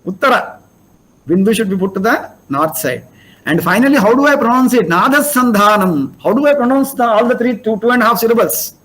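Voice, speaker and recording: A man's voice: very high-pitched, expressive, a little fast, a bit bright, rough recording. An older man with an Indian English accent giving a spiritual lecture, explaining step by step and asking rhetorical questions. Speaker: lecturer on scripture.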